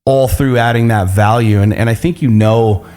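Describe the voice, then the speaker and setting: A man's voice: mid-range voice, fairly even intonation, moderate pace, a little mellow. A man talking as a business coach in a casual podcast chat, emphatic and profane, often repeating "like" in long strings.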